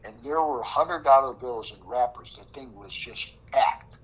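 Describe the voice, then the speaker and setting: A former prosecutor, now older, tells the story of a case in an interview, speaking emphatically and performing the dialogue himself. His mid-range voice is husky and a bit bright, and he takes his time. The audio quality is poor.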